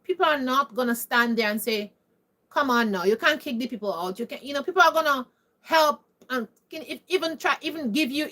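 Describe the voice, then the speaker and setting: A woman talks straight to her viewers in a high, bright-pitched voice. She lectures emphatically and keeps firing rhetorical questions at them. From Caribbean. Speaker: vlogger. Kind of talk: opinionated monologue to camera.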